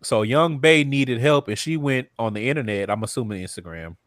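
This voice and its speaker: A man co-hosting a casual chat show, recapping reality TV with profane, animated retellings. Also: medium pitch, brisk, dry recording, studio quality. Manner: profane, animated, mimics people he quotes. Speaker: podcast co-host.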